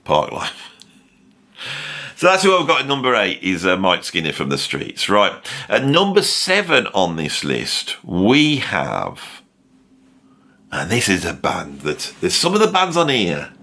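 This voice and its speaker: A man's voice: low-pitched, huge pitch swings, a little slow, sharp tone. A middle-aged man gives casual, opinionated commentary in a rambling way full of asides. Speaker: music commentator. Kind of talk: casual ranked-list commentary.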